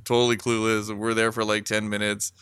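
Low, crisp-voiced man telling a rambling story. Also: completely flat delivery, brisk, a bit bright, no echo, clean studio sound. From California. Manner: rambling, many fillers and swearing, laughs through the telling. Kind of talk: casual storytelling, profane.

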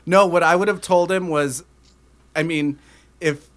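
Man, podcast co-host, slow delivery, crude joking banter. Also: on the high side, fairly even intonation, a bit bright. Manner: joking, crude humor, laughs a lot. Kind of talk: casual chat.

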